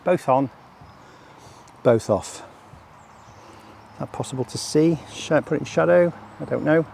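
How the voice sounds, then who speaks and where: A man's voice: fairly high pitch, normal speed, gravelly, a little mellow, slight background noise. A man walking his rural property outdoors, talking casually and out of breath, rambling with fillers as he tests a product. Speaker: product developer presenting a range test.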